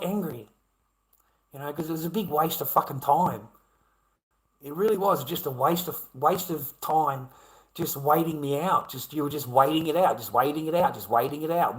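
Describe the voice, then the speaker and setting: A man's voice: on the high side, rough recording. An Australian man talking to camera in a rambling, repetitive monologue, swearing heavily. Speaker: vlogger.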